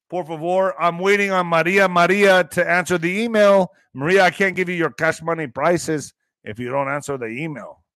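Brief: mocking male vlogger doing news commentary, high voice, dry close sound. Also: fairly bright tone, no echo. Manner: brash, mocking, profane.

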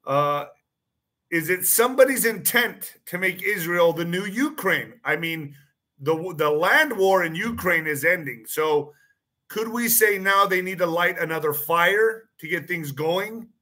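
A man's voice: high-pitched, expressive, unhurried, sharp tone. A man hosting his own online show, talking through a casual monologue, repeating phrases and framing his points as questions. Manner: repeats phrases, frequent restarts and fillers; poses claims as pointed questions.

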